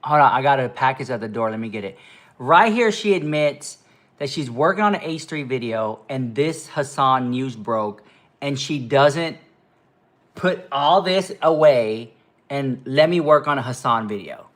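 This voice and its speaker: A man's voice: mid-range voice, expressive, measured pace, a bit bright. A man giving casual reaction commentary, interrupting a video to argue his point and talking straight to his viewers.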